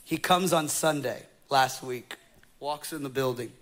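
A male pastor telling a story in a sermon, going from quiet storytelling to loud, excited preaching. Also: mid-range voice, unhurried.

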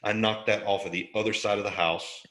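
A man's voice: fairly low pitch, steady tone, brisk, a bit bright, reverberant, slight background noise. A middle-aged man from Alabama, an interview guest telling a story in a casual, jokey way and laughing often.

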